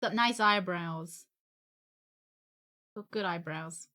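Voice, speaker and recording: A woman's voice: on the low side, takes it slowly, sharp tone. A woman streaming a video game, joking, giggling and thinking aloud as she plays. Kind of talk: casual gameplay commentary.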